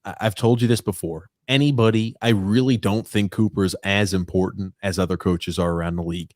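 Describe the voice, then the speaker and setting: A man's voice: low-pitched, steady tone, fairly quick, darkish tone, no room sound, studio quality. A man co-hosting a live call-in sports podcast, blunt and opinionated. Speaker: podcast co-host.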